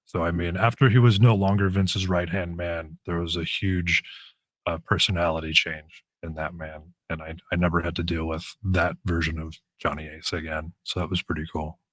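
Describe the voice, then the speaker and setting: Deep-voiced man telling stories. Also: moderate pace, dry recording. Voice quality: raspy. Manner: animated storyteller, acts out quoted lines. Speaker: guest. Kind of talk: casual storytelling in an interview.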